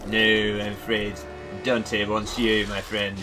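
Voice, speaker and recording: Here the same kind of English gaming host sounds lower and monotone, speaking slowly over music. His talk is still casual gameplay commentary, full of chat and jokes as he unboxes and plays, with abrupt outbursts along the way.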